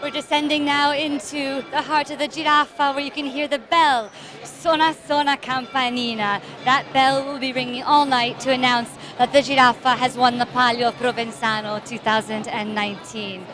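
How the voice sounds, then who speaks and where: A woman giving live, chatty commentary outdoors at a street celebration, excited and out of breath as she walks along with the camera. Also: high-pitched, moderate pace. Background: crowd and drums.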